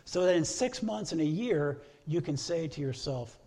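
A middle-aged male pastor delivers a sermon in an earnest, list-building cadence. His voice sits a bit high for a man, with a mellow, dark tone and a husky edge. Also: expressive, normal speed. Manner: earnest, repeats phrases in preaching lists.

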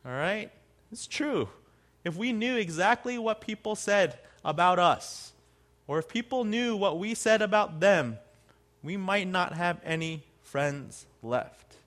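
A man with a high voice preaches a sermon in an easygoing, conversational manner. He talks like a pastor chatting with his congregation. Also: lively intonation, a little slow, a bit bright. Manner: conversational, acts out quotes in other voices.

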